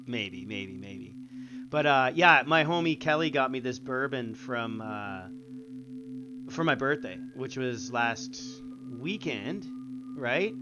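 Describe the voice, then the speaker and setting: A man's voice: mid-range voice, lively intonation, slow pace. Young man, podcast co-host, laid-back, rambling, swears, lo-fi, noisy. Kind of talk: casual chat. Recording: dull sound with clear noise.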